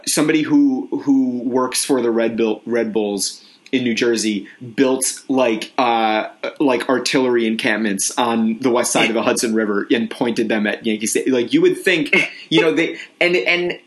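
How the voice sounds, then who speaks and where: A young man co-hosting a podcast, chatting casually and rambling through lots of filler words. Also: medium pitch. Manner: animated storytelling with acted-out quotes. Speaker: podcast co-host. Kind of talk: casual chat.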